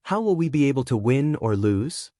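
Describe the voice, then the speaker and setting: Male storyteller reading fan fiction, animated pitch, dry close sound. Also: moderate pace, no echo. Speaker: narrator. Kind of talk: fan fiction read-aloud narration.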